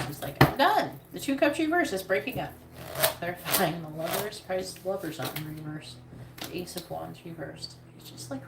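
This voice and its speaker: A woman's voice: lowish voice, vocal fry. A woman giving a live tarot reading in a casual, blunt way, swearing freely. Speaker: tarot reader. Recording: echoey room with noise.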